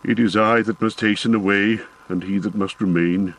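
A man voicing a proud, sorrowful dwarf warrior in an audiobook, speaking slower and heavier than his narration. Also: on the low side, fairly even intonation, low-quality recording. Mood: mournful. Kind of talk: audiobook character voice.

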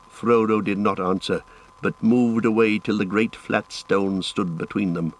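A man narrating a fantasy audiobook in a measured, dramatic storytelling manner. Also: lowish voice, fairly even intonation, rough recording.

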